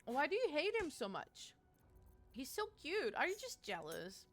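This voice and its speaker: A woman's voice: high voice, huge pitch swings, unhurried, faint music behind. A woman streaming a video game, chatting casually and talking back to the characters on screen in a self-mocking way. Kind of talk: casual gameplay commentary.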